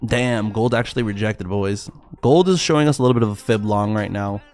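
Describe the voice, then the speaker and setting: A man's voice: lowish voice, fairly quick, faint music behind. A young man, rambling and swearing as he chats with his livestream viewers about trading. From South Florida. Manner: rambling, profane, excitable, talks to chat. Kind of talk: casual livestream chat.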